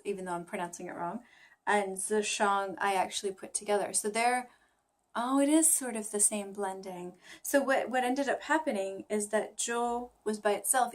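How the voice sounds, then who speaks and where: Musing woman vlogger thinking aloud. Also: mid-range voice. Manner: musing, self-questioning, halting with fillers. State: tired. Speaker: language learner vlogger. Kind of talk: casual thinking-aloud vlog.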